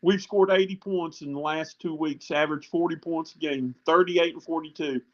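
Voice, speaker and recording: A man's voice: on the high side, fairly even intonation, normal speed, dull audio. A man, a guest on a sports talk show who speaks heartfelt and tells stories with animation. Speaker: guest coach. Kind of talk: casual talk show chat.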